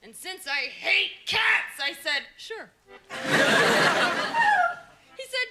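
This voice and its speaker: High-voiced brash female stand-up comic. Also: wildly swooping pitch, takes it slowly, music in the background. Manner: brash, insulting the audience. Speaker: stand-up comedian. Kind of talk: stand-up comedy routine. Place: comedy stage before live audience. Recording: live show with audience laughter and noise.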